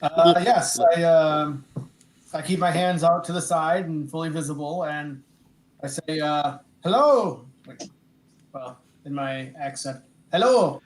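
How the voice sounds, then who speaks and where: A man's voice: a little high, flat delivery. Male player in an echoey room. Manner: halting, with fillers. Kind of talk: tabletop game play.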